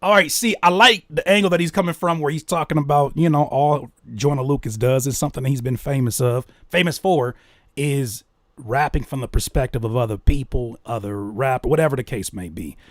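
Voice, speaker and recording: A man hosting a casual reaction commentary, talking in an animated, incredulous way that jumps high when he is baffled. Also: fairly quick, no echo, clean studio sound. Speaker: reaction video host.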